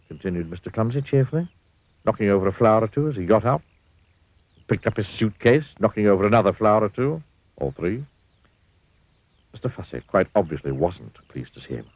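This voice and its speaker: Low husky guy reading a kids story, super animated, muffled dry old recording. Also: a little fast, pauses often, dry recording. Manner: playful and expressive.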